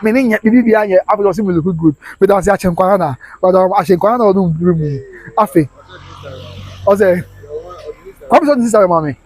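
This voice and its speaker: Fast-talking Ghanaian man, lively stream host. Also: sits high, no echo. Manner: mixes English and Twi, laughs often. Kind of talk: casual live stream chat reading viewer comments.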